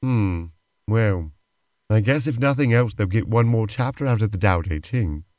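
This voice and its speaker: A man co-hosting a role-play podcast, playing along in a dry, mild and unhurried way. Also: lowish voice, animated, darkish tone, dry recording. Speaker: co-host and player.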